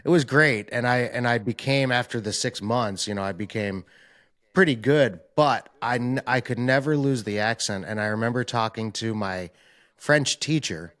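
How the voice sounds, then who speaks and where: A man's voice: medium pitch, moderate pace. A young adult American man hosting a podcast, chatting informally and using a lot of "like" and "um". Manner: relaxed and informal, with frequent fillers like "like" and "um". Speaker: podcast host. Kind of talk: casual interview chat.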